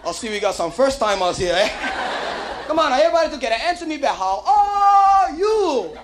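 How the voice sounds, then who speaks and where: A man's voice: extremely high pitch, fast. A man doing live stand-up comedy, with a Hawaiian Pidgin accent, working the crowd playfully. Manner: animated, playful crowd work with put-on voices. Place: comedy club stage. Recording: live club recording on vinyl with audience laughter and hiss. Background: audience laughing.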